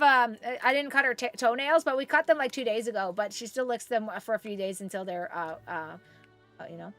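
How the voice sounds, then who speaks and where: A woman's voice: on the high side, a little fast, a bit bright, no echo. A woman from Canada streaming live, chatting with viewers and cooing baby talk to her pet. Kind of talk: casual live-stream chat.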